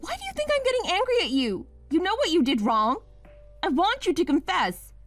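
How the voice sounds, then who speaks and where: A woman's voice: high-pitched, very animated, normal speed, no room sound, soft background music. A woman playing a young wife in a dramatized story, pleading and then accusing her partner.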